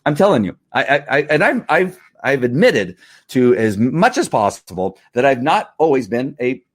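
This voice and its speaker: Hosting a laid-back livestream, a fifty-something man talks frankly in a husky, medium-pitched voice, very animated at normal speed. His speech wanders with frequent fillers and restarts, captured as a dry, studio-quality recording.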